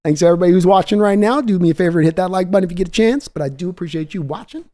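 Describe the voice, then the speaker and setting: A man hosting a live-streamed draft show, talking in a chatty, excitable way and reading viewer donations aloud. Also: high-pitched, racing. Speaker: livestream draft host.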